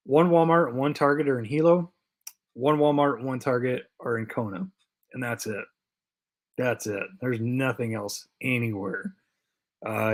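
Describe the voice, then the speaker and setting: A man hosting a casual live stream, reading out viewer comments in a loose, rambling way with lots of fillers and repeats. He sounds tired and short on sleep. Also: medium pitch. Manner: puts on a Canadian accent as a joke. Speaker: host of a live diecast chat stream.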